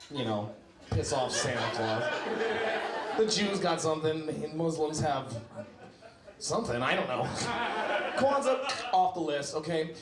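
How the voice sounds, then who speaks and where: A man performing a loose, rambling stand-up set in a small comedy club, with sudden shouted bits. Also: on the high side, heavy background noise. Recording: echoey club room with crowd laughter. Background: audience laughter.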